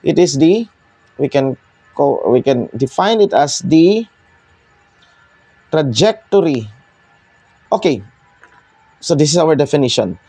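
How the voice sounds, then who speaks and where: Filipino man teaching math, mellow tone. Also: a little high, big pitch swings, husky, no room sound, faint music behind. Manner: code-switching, explaining step by step with pauses. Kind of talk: whiteboard math lesson.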